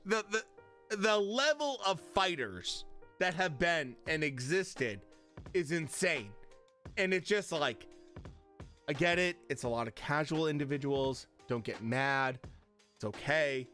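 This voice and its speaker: A man streams from his home room in a blunt, cursing, casual chat. His pitch sits a little high and swings widely, though he takes his time. Faint music plays underneath. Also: sharp tone. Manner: blunt and profane, riled up. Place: home streaming room with lit panel backdrop.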